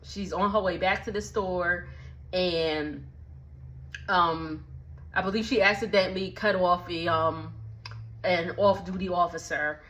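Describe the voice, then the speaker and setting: Chatty woman with a bright voice. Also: lowish voice, unhurried, long pauses, lo-fi sound. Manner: chatty, slangy, animated retelling with asides. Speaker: movie recap vlogger. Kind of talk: casual movie recap.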